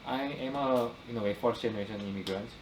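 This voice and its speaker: Guy chatting on a podcast, halting, keeps agreeing, faint room noise. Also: mid-range voice, echoey room. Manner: halting, frequent backchannel agreement. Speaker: podcast co-host. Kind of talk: casual podcast chat.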